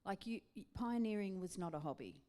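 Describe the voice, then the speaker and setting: An Australian woman talking in a relaxed church interview. She speaks as a pastor's wife, chatty and animated, and laughs readily as she talks. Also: mid-range voice, brisk.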